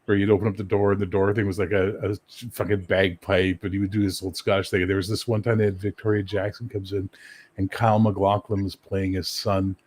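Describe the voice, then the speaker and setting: A man's voice: low-pitched, brisk. A man from Canada chatting casually on a podcast, telling stories with lots of swearing and acting out what people said. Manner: storytelling, animated, swears freely, acts out quotes. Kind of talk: casual chat.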